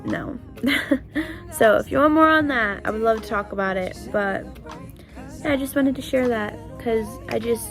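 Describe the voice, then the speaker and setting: A woman's voice: a little high, moderate pace, a bit bright, faint music behind. A young woman vlogging in a heartfelt, casual way, earnest and emotional, with lots of "like" and "you know". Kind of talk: heartfelt casual vlog talk.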